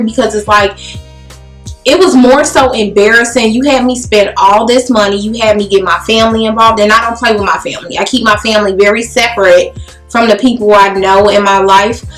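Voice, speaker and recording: Animated woman telling a storytime in an echoey room. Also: mid-range voice, a little fast. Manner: animated, blunt and profane, acts out quoted dialogue. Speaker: beauty vlogger telling a story. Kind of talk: casual storytime monologue. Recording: roomy echo with faint music.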